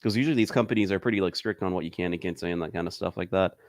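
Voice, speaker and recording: A man's voice: low voice, very fast, dry recording, clean studio sound. A man in casual conversation, talking loosely with lots of fillers and frequent laughs. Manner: loose and rambling, heavy on fillers, laughs often. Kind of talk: casual chat.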